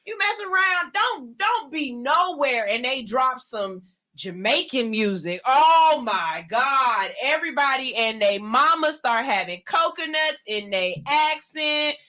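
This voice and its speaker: High bright animated woman radio host. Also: unhurried. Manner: animated, joking, slangy, shouts and hype calls. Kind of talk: casual radio interview banter. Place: radio studio.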